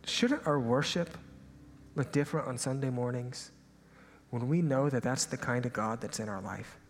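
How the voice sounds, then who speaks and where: Storytelling preacher in a reverberant hall. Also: male voice, medium pitch, normal speed, a little hiss or hum. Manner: storytelling, animated, drops to hushed asides. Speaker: pastor. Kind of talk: sermon. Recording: hall reverb, faint ambience.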